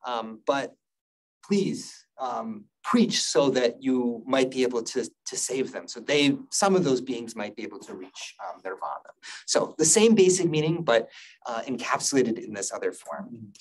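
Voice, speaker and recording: A man giving a university lecture on poetry, halting and thoughtful, with frequent fillers. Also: mid-range voice, animated, low-quality recording. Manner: chants verse lines slowly. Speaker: guest lecturer.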